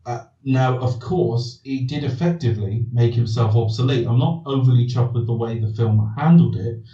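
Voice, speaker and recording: A man hosts a casual film podcast, thinking aloud and answering his own questions. His voice is warm and mellow. It sounds distant and echoey, with a dull, lo-fi tone. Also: medium pitch, normal speed. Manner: rambling, restarts sentences, asks himself questions. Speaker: podcast host. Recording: distant roomy dull recording.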